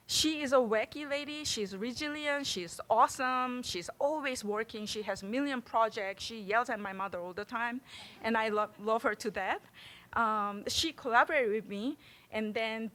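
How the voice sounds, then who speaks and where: A middle-aged woman from Korea with a Korean accent, giving a public artist talk in an animated, chatty way and laughing often. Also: on the high side. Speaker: visiting artist.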